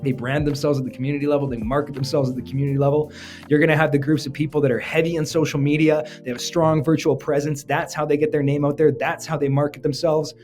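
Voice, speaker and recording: A man, an entrepreneur giving energetic, joking business advice straight to camera. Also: on the high side, fast, faint music behind. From Canada. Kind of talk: motivational business talk to camera.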